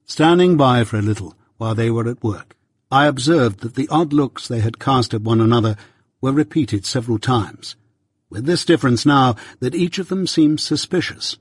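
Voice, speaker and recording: A man narrating a classic novel in the first person with a measured, even reading. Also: mid-range voice, breathy edge, no room sound. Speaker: audiobook narrator. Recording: dry close mic.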